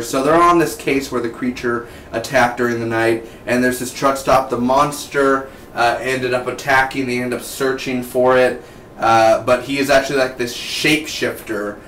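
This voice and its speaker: Rambling man reviewing TV in a roomy space. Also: mid-range voice. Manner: rambling, excitable, trails off into tangents. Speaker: TV episode reviewer. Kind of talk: casual spoken review. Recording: roomy, distant mic, faint background noise.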